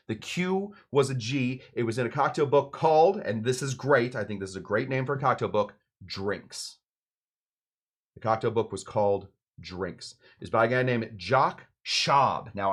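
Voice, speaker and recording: Man, cocktail show host, casual storytelling, rambling, jokey, slips into goofy character voices. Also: fairly low pitch.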